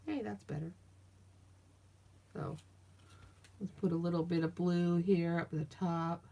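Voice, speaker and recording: Middle-aged Southern-born woman, craft vlogger; gravelly fry, loose and chatty, drifts between stories while she works. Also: fairly low pitch, steady tone, a little slow, mellow, dull audio. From Southern United States. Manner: chatty, rambling storyteller, talks to viewers while working. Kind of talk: casual chat while crafting.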